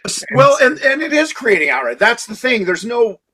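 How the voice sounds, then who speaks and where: A man in his sixties, a guest in a casual interview, telling animated stories and laughing often. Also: extremely high pitch, normal speed, breathy edge. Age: 60s. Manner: animated storyteller who laughs often and acts out quotes. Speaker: guest creature designer.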